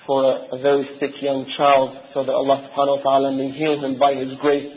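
A man's voice: medium pitch, completely flat delivery, quick pace, muffled recording, a little hiss or hum. A man preaching a sermon, telling a story with strong emotion and breaking into chanted lament.

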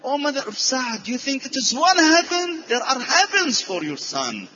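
A man's voice: very high-pitched, big pitch swings, normal speed, pushed and bright, husky, muffled recording, pitched above the performer's own voice, heavily acted. A man voicing a revered male prophet who consoles a mother in a raised, earnest voice. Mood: consoling.

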